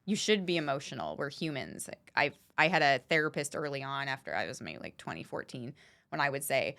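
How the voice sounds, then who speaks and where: Low-voiced woman, frank and blunt. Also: very animated, fairly quick, vocal fry, fairly bright tone. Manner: frank, swears freely, emphatic. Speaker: podcast guest. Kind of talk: candid conversational talk.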